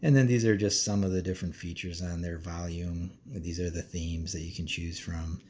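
A man's voice: low-pitched, steady tone, moderate pace, darkish tone, a little hiss or hum. A man giving a casual, meandering product review as a parent, with frequent ums and uhs. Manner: laid-back, meandering, many ums and uhs. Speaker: parent reviewing a kid's smartwatch.

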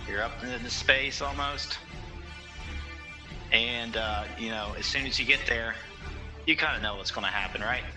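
A man narrating as game master of a tabletop role-playing game, energetic and loose with laughing asides. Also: mid-range voice, normal speed, pauses often, over music, rough recording.

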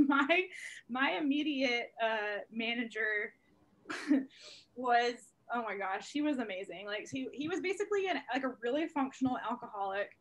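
Young woman, comedian, swearing freely, laughing through stories, video call, slightly high voice. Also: a little slow. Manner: animated, profane, laughing storyteller. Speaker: comedian guest. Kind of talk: casual storytelling interview.

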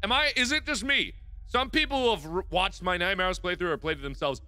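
A young man in his twenties giving excitable, jokey let's play commentary and talking to himself as he plays. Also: high-pitched, moderate pace, pauses often, no echo. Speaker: gaming video host.

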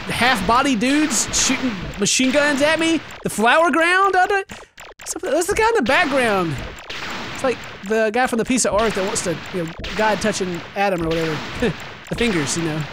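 A man with a high voice that leaps all over the place gives excitable, jokey running commentary on a video game. He yelps and laughs at the screen, and a steady noise hums under the recording. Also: normal speed. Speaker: video game let's-player.

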